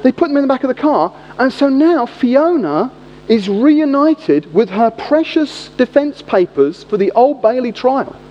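A high-pitched British man in middle age preaches with a chatty, storytelling flow. His pitch leaps all over the place. The sound carries a long reverb and is dull and lo-fi. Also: unhurried. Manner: animated, chatty anecdote telling. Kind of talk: sermon storytelling.

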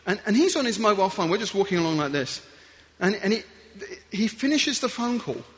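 A man giving a playful, animated talk to an audience as a guest speaker, acting out little scenes as he goes. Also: high voice, brisk. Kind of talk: lively motivational talk to an audience.

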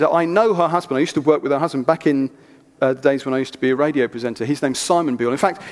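A man preaching a sermon, telling stories in an animated, chatty way with asides. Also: fairly high pitch. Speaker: pastor. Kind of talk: sermon with storytelling. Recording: reverberant church hall.

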